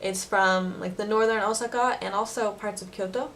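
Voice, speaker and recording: A woman's voice: medium pitch, steady tone, normal speed, fairly bright tone, slight background noise. A young woman teaching words in a casual lesson, chatty, laughing often and using many fillers. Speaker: language teacher vlogger. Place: living in Osaka.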